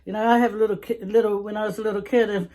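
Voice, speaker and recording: A woman with a Samoan English accent races through a casual storytime vlog while eating, talkative, laughing often, and repeating herself. Her voice is medium-pitched and dark, with a level tone.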